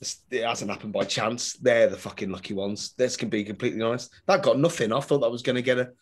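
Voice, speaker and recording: A man doing a stand-up comedy routine, swinging between loud punchlines and muttered asides. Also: medium pitch, fast talker. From Britain. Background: audience laughter.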